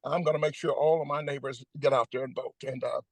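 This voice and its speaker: A man's voice: medium pitch, fairly even intonation, fast talker, no echo, rough recording. An older man, a comedian from Atlanta talking emphatically and joking on a video call. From Atlanta, United States. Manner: emphatic, joking, preacher-like cadence. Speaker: comedian guest. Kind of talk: animated comedic chat.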